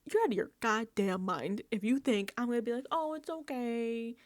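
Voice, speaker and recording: A woman hosting a reality TV recap, ranting casually and acting out quotes in an exasperated, animated way. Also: a little high, brisk, no echo.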